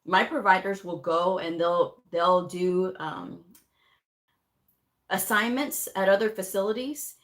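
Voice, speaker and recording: A woman's voice: on the low side, fairly even intonation, slow pace. Frank, chatty woman giving a coding lesson. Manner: frank, chatty, addresses viewers directly. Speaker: medical coding educator. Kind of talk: casual livestream teaching talk.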